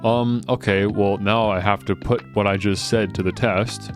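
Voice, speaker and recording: Brief: a chatty, self-deprecating gamer with a lowish voice, faint music behind. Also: male voice, steady tone, moderate pace. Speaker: game streamer. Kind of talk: casual gameplay commentary.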